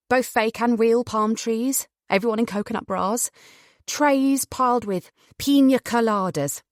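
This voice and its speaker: A woman's voice: a little high, no room sound, clean studio sound, close to an everyday voice. A woman reading a wry, teasing young woman.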